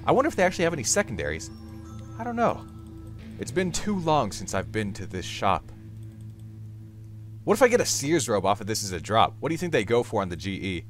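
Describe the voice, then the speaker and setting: A young man giving playful, rambling commentary on his own gameplay, talking to the viewer with sudden loud outbursts. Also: lowish voice. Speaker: gaming YouTuber.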